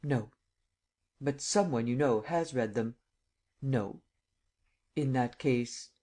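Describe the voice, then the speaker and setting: A man voicing a commanding imperial visitor who speaks calmly and evenly, in an audiobook reading. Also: mid-range voice, takes it slowly, natural voice. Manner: calm, even, stating rather than asking.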